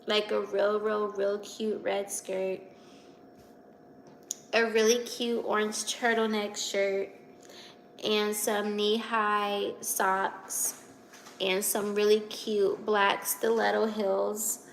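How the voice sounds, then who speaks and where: Young woman host, unhurried and gravelly, giggly livestream chatter over faint background hiss. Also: medium pitch, level tone. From Virginia. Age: 20s. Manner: chatty, giggly, reads comments aloud. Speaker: livestream host reading chat. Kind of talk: casual livestream chat.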